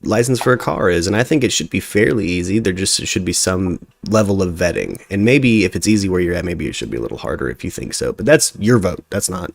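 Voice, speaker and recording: A man's voice: low-pitched, animated, fast talker, creaky, hardly any pauses, no room sound. A man hosting a casual podcast chat, profane and rambling, tripping over his words. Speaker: radio show host.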